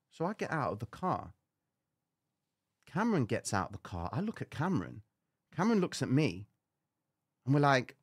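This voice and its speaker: A man hosting a live stream, telling a dramatic personal story with lively slang. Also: medium pitch, moderate pace, pauses often, breathy edge, dry recording, studio quality. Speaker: trading show host.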